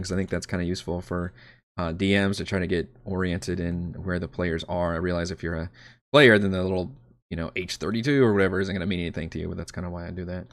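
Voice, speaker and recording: A man's voice: deep voice, no room sound. A man preparing his tabletop game on a live stream, talking casually, rambling and correcting himself. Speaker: dungeon master.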